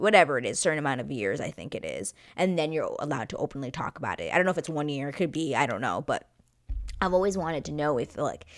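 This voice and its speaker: Female host, low register, very expressive melody; casual recap chatter. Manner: chatty, animated retelling with quoted voices. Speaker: reaction channel host.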